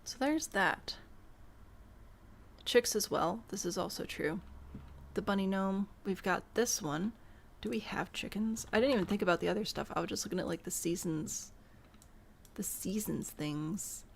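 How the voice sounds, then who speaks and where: A woman's voice: medium pitch, normal speed, gravelly, long pauses, a little hiss or hum. A woman live-streaming a building game, chatty and self-amused as she talks to her chat while she builds. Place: home room.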